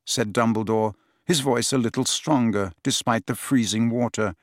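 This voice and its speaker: A man's voice: medium pitch, moderate pace, no room sound, clean studio sound. Man narrating a dramatic audiobook. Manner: dramatic, varied reading.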